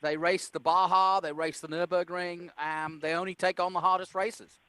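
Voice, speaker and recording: A man co-hosting a casual motorsport chat, making quick, dry, teasing remarks. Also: sits high, little pitch movement, sharp tone, clean tone, no echo. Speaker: co-host.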